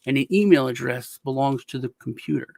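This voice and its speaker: Gravelly deadpan man telling stories. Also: mid-range voice, brisk, no echo. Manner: deadpan storytelling, acts out callers' voices. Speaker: podcast co-host. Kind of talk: casual chat.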